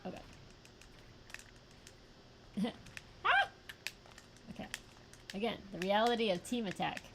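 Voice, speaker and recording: A young woman streaming a fighting game, reacting with quick yelps, groans and laughs between plain remarks. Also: mid-range voice, huge pitch swings, background noise. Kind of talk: live gameplay commentary.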